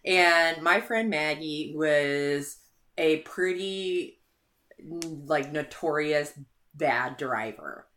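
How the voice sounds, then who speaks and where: A young woman telling a story in casual chat, animated, swearing and laughing often. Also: sits low, drawn-out words.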